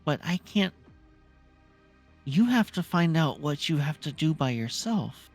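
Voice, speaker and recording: A woman voicing an earnest little female pixie who talks softly and coaxingly. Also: low-pitched, big pitch swings, measured pace, husky, faint music behind, exaggerated voice. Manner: soft and coaxing, gently pleading.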